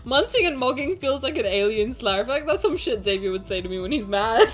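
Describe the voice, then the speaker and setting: A woman's voice: a little high, big pitch swings, fast talker, few pauses, faint music behind. A young woman streaming live, reading chat messages aloud and reacting with swearing and frequent laughter.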